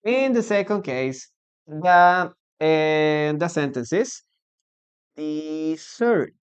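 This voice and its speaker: Man, Peruvian Spanish accent, English teacher, slow deliberate delivery, smooth clear voice. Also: a little high, expressive. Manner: slow and deliberate, repeating words for learners. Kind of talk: online English lesson.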